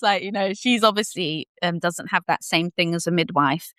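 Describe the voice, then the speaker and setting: A woman's voice: lowish voice, moderate pace, hardly any pauses, pushed and bright, dry recording, clean studio sound. A young adult woman on a podcast, candidly and animatedly telling her personal birth story and acting out what people said. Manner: candid, casual, occasional swearing. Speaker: podcast guest.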